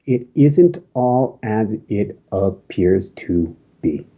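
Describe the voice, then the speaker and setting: A man hosting a podcast in casual chat, speaking slow, drawn-out affirmations. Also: fairly low pitch, lively intonation, muffled recording. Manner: warm-hearted, drawn-out affirmations. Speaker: podcast host.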